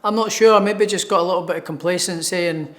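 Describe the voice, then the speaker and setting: Scottish man, boxer being interviewed, upbeat, fairly high voice, little pitch movement. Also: fairly even intonation, quick pace, fairly bright tone. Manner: upbeat, repeats words when starting a thought. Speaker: professional boxer. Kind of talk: sports interview.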